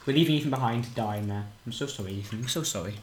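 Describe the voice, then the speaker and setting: A man's voice: fairly low pitch, very fast. A man chatting casually while playing a game, joking and crude. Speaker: gamer. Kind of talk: casual gaming chat. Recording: roomy home mic with faint noise.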